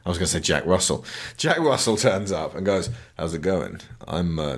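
Man, deep voice, very animated pitch, sarcastic film recap, mocking impressions, casual chat. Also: a little fast. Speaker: film podcast host.

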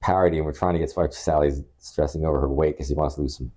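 A man's voice: rumbling low, steady tone, fast, mellow. A man co-hosting a casual podcast from a rented holiday home, rambling, laughing, and acting out quotes. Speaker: podcast co-host. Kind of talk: casual chat.

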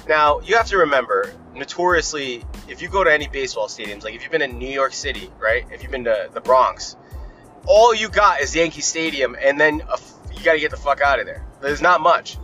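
Bright-voiced man ranting on a podcast. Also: mid-range voice, lively intonation, fairly quick, soft background music, poor audio. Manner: profane, rambling, opinionated. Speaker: podcast host. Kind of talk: casual ranting monologue.

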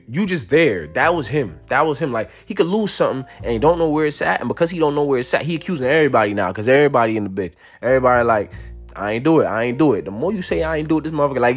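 A young man, telling a casual personal story in slangy, profane speech with big swings in pitch.

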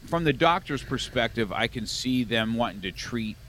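A man's voice: mid-range voice, animated, a bit bright, slight background noise. A man interviewing a guest, mostly giving short replies and laughing along, then reflecting on the story. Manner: brief backchannels, laughs along, measured. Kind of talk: relaxed interview chat.

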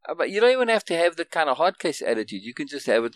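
A man's voice: a little high, sing-song, rapid-fire, few pauses, dry recording. A man hosting a casual one-on-one conversation, explaining emphatically with lots of restarts and repeated words, and often checking in with "right?". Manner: keeps checking understanding with "right?". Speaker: podcast host.

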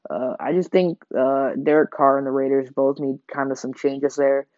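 A man's voice: mid-range voice, steady tone, normal speed, darkish tone, no room sound. A man hosting a sports podcast, rambling through game predictions with lots of fillers and self-corrections. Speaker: podcast host. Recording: dull lo-fi home mic.

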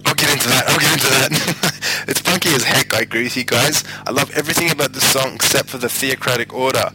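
A man's voice: mid-range voice, fast, bright, forceful tone, a little hiss or hum, poor audio. A man hosting a casual music review chat, rambling, laughing and losing his thread. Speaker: podcast host.

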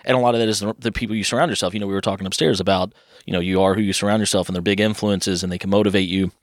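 A Louisville, Kentucky man in his thirties guests on a podcast, telling rambling childhood stories and acting out the voices of people he quotes. His fairly low voice races along with fairly even intonation, recorded clean in a studio with no room sound.

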